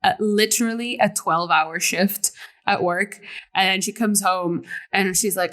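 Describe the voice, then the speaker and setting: Young woman, bright tone, animated casual podcast chat. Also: medium pitch, normal speed. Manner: animated, laughs often, swears. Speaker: podcast co-host.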